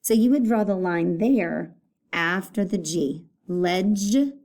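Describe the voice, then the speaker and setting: Female elementary teacher, recorded phonics lesson for kids, slow and patient, mellow tone. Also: on the low side. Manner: slow, patient, repeats words aloud to children.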